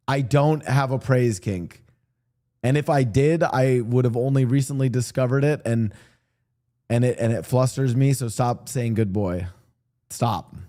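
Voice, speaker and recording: A man's voice: mid-range voice, mellow. A young man streaming, chatting casually in a rambling, joking way with many fillers and restarts. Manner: crude, joking. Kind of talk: casual chat while streaming.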